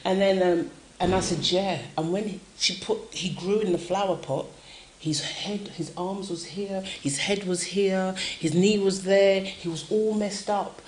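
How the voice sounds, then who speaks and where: A woman telling a family story in a lively, laughing way, acting out the voices of her characters as a storytelling guest. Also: mid-range voice, unhurried, a little hiss or hum. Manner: animated, laughing, acts out voices in stories. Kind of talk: casual storytelling chat. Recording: echoey room.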